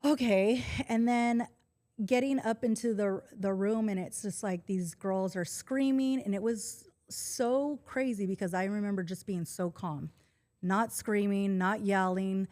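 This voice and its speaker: A woman in her forties speaks in a middle-range voice as a podcast guest. She tells a personal story in casual conversation, calm and earnest, and keeps an even tone. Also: medium pitch, unhurried. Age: 40s.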